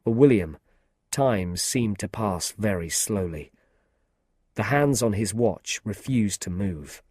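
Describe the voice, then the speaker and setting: Male narrator for a learner storybook, slow and clear, dry studio sound. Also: fairly low pitch, expressive, darkish tone, no echo.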